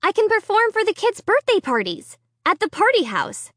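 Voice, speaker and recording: A woman voicing an excitable young girl who cries out and pleads in shrill outbursts. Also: slow pace, no room sound, clean studio sound, exaggerated voice. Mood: excited.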